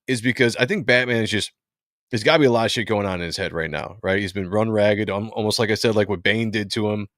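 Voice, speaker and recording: Low-voiced relaxed man hosting a comic stream. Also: fast, dry recording, studio quality. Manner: relaxed, chatty, reads comic lines aloud. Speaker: host. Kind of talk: casual comic book livestream chat.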